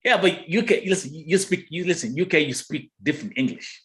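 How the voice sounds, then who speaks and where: A man's voice: high voice, big pitch swings, moderate pace, bright, forceful tone. Kenyan guy running a live stream, playful teasing banter, voice bouncing all over. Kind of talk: casual live-stream chat with viewers.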